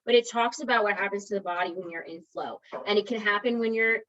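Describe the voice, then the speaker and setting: A woman's voice: medium pitch, fast, a bit bright, highs cut off. A woman wellness coach giving a conversational motivational talk to an online group, encouraging and often checking in with her listeners.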